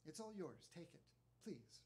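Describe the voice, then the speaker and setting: A man voicing a gentle elderly male priest and composer who speaks in a soft, fatherly way. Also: on the high side, very animated, unhurried. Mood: gentle, kindly.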